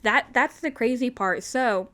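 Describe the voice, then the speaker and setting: A woman's voice: a little high, measured pace, fairly bright tone. A young woman co-hosting a podcast, casually telling an urban legend, chatty with lots of fillers and blunt swearing for emphasis. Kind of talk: casual storytelling chat.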